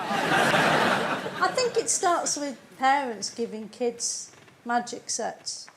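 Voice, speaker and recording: A woman's voice: high-pitched, lively intonation, slow pace. A woman on a comedy panel show, ranting in a blunt, sardonic way. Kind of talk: comic rant. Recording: loud studio audience and noise.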